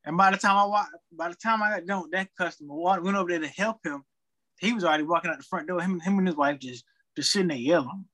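A young man who works retail, telling work stories in a casual chat with an animated, venting delivery. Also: sits high, fast talker, low-quality recording. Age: young adult. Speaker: retail worker.

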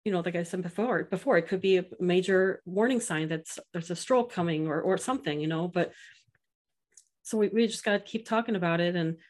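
Earnest, animated woman guest. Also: on the low side, brisk. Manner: earnest, animated storytelling with quoted voices. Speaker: podcast guest. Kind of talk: casual interview chat.

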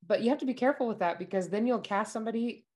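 A woman stage actor talking casually as a guest, loud and confident, laughing often. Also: a little high, racing. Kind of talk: casual chat.

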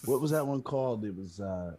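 A man's voice: on the low side, lively intonation, brisk, dark tone, slight background noise. A man co-hosting a casual podcast, cutting in with jokes and hype. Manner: joking, hype-man interjections. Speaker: podcast co-host.

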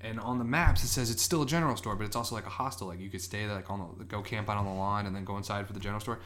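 Rapid-fire and fairly bright, though low-pitched, a man co-hosting a podcast runs through a long, wandering story. He keeps acting out what people said to him.

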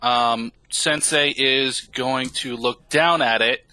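A man playing a tabletop game, describing his character's actions in a relaxed way. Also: medium pitch, slow pace. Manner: relaxed, thinking aloud. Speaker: player. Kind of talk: casual tabletop game play.

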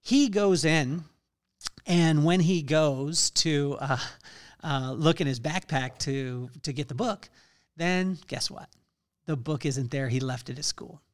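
Man, middle-aged, podcast host, unscripted motivational talk, earnest, lots of fillers, slightly raised pitch. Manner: earnest, halting with frequent fillers.

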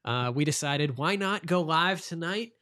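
A man's voice: a little high, lively intonation, measured pace, pushed and bright. Upbeat, chatty man hosting a podcast. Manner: upbeat, chatty, playful teasing. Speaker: podcast host. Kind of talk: live-streamed podcast chat.

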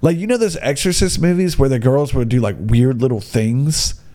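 A man telling a story as a casual rant, blunt and excitable, often calling the listener "dude". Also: mid-range voice, moderate pace.

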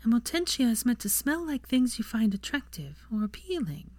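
A woman's voice: on the high side, big pitch swings, darkish tone, no room sound, voice pushed up. A woman voicing a bossy, witty young woman who teases and scolds with a dry, sarcastic edge. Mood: bright, teasing. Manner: brisk, teasing, sarcastic.

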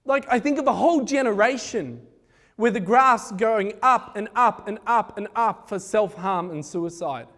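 A man preaching a sermon, retelling scripture in a lively, conversational way with chatty asides. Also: high-pitched, measured pace. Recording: echoey hall.

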